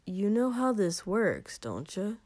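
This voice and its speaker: A woman voicing a brash, crude young man who teases and taunts in a low drawl. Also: very animated, slow, darkish tone, dry recording. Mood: taunting.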